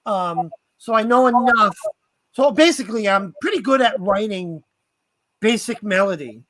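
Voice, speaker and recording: A male host in casual chat, excitable and quick to laugh. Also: sits high, no echo, low-quality recording.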